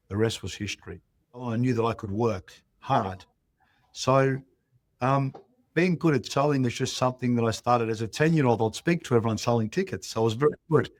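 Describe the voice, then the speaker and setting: A man's voice: mid-range voice, fairly quick, no echo. A man, a real estate chief executive telling stories in an interview and acting out the dialogue in them. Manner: animated, acts out dialogue in stories. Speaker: real estate CEO, guest. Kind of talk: interview storytelling.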